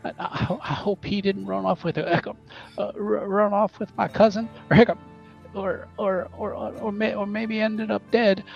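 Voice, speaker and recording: A man's voice: sits high, little pitch movement, moderate pace, creaky, lo-fi sound, faint music behind, pitched above the performer's own voice. A man voicing a tipsy young frontier woman who stammers and hiccups, rambling and weepy. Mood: drunk, rambling.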